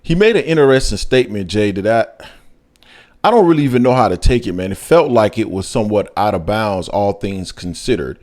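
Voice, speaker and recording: A man's voice: on the low side, animated, a little fast, darkish tone. A man hosting a sports talk show, chatting casually and pushing his points emphatically with sudden jumps in his voice. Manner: emphatic, rises sharply when making a point.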